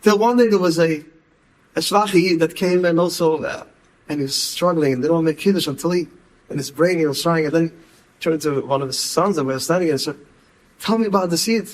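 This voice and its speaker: Animated man telling stories. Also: on the high side, fairly quick, poor audio. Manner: animated, repeats words for emphasis. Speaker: speaker. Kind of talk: storytelling talk.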